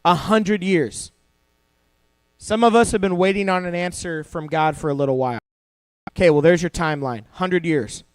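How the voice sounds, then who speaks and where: Young guy youth pastor, kinda high voice, joking around, acting out little bits, dry close sound. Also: brisk, no room sound. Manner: casual, joking storyteller acting out quotes. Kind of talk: youth sermon. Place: church youth service hall.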